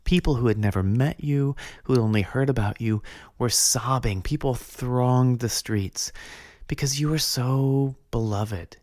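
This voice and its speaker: A man doing a wry, provocative old desert monk, slow and mock-solemn, ordinary mid pitch, dry close sound. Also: darkish tone, no room sound, close to an everyday voice. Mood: mock praise.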